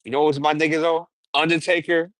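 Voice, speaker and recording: A young man streaming from his garage, chatting casually and excitably in slang, often breaking into impressions and humming. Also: a little high, a little fast, no room sound.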